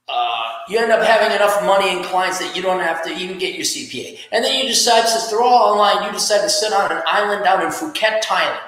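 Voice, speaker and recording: A man's voice: sits high, bright, forceful tone. A man hosting a podcast, giving blunt, profane career advice in a casual rant. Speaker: podcast host. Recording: echoey room with long reverb.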